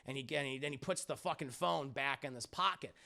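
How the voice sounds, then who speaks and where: A man's voice: medium pitch, fairly quick, creaky, pushed and bright. A man streaming a live film recap, rambling and profane, often talking to his chat.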